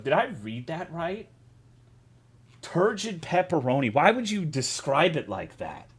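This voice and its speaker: A man streaming live, chatting casually with his chat, greeting viewers and swearing a lot while joking around. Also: mid-range voice.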